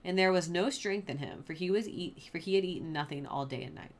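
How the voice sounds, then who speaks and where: Young woman doing a chill bible lesson, lowish voice, pitch jumps around a lot, lots of ums. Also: expressive, a little fast, gravelly. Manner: chatty, filler-heavy, laughs at the story. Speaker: Bible study teacher. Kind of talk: casual Bible lesson with readings.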